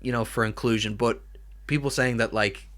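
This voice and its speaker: A man's voice: mid-range voice, fairly even intonation, normal speed, fairly bright tone. A young Irish man co-hosting a podcast in casual chat, blunt and swearing, with many restarts. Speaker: podcast co-host.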